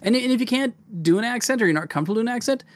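A man's voice: very high-pitched, expressive, racing. A man co-hosting a casual podcast chat about tabletop gaming, talking with enthusiasm and rambling through many restarts. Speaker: podcast co-host.

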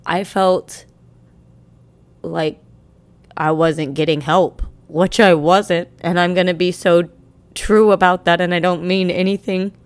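A young woman with a lowish voice recounts a painful personal story. She speaks haltingly and emotionally, with many restarts, and sounds close to tears at times.

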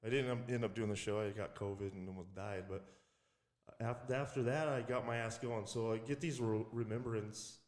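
A man's voice: fairly low pitch, fairly even intonation, normal speed, a little mellow. A man co-hosting a casual podcast, telling personal stories with lots of cursing. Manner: profane, mumbly storytelling. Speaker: podcast co-host. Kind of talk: casual chat. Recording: echoey room with long reverb.

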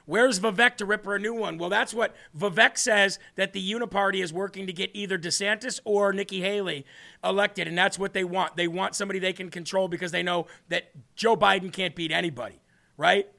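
A man's voice: high voice, steady tone, a little fast, vocal fry, sharp tone. A man hosting a political livestream, talking in a brash, mocking way and reading out viewer comments. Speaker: livestream show host.

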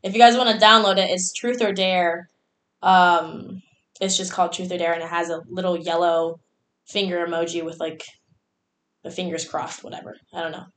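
A woman's voice: fairly low pitch, fairly even intonation, moderate pace, fairly bright tone. A young woman co-hosting a podcast in casual chat. She is giggly and chatty, with lots of 'like' and swearing. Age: young adult. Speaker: podcast co-host. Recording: echoey room.

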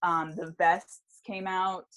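A woman's voice: lowish voice, level tone, takes it slowly, fairly bright tone. Laughing woman podcast co-host. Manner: giggly, reads her old diary aloud dramatically. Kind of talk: casual chat.

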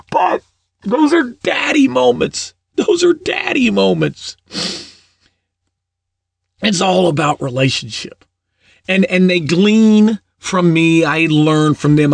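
A middle-aged man preaches in a relaxed, anecdotal way and stumbles over repeated words. His voice sits a bit high for a man and has a rough, gravelly edge. It is recorded close and dry. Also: no room sound. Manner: warm anecdotal, repeats words, laughs at own stories. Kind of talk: casual sermon storytelling.

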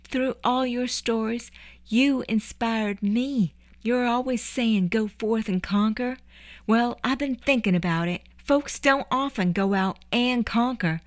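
A woman voicing a sweet, spirited young woman who speaks gently and encouragingly. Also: a little high, takes it slowly, no echo, voice pushed up. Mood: tender.

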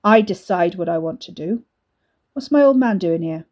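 A woman's voice: on the low side, lively intonation, moderate pace, darkish tone, highs cut off, lightly acted. A woman voicing a swaggering, threatening young man who sneers and curses at his siblings, in a storybook reading. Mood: snapping. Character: menacing swaggering young man, bully brother.

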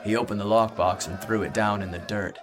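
A man reading a fantasy audiobook as narrator, with measured, dramatic storytelling. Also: fairly low pitch, steady tone, music in the background, crowd noise.

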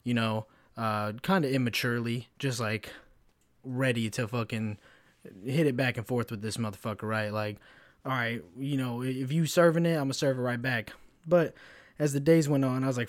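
A man in his twenties hosting a casual solo podcast, tired after a work shift, venting about his job in profane, animated storytelling. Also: mid-range voice, normal speed, no room sound, clean studio sound. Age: 20s. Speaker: podcast host.

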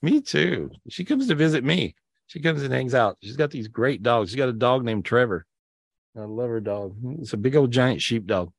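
A man's voice: medium pitch, lively intonation, normal speed, slightly rough, dry recording, clean studio sound. A man hosting a live video-call podcast, guiding a healing and then greeting people, effusive and given to repeating his words. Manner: warm, effusive, repeats phrases. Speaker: spiritual healer and show host.

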